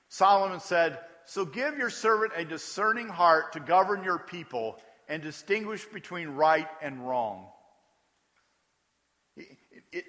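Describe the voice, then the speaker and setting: A man's voice: sits high, expressive, normal speed, sharp tone. A man preaching a sermon as pastor, emphatic and acting out prayers aloud. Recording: long hall reverb.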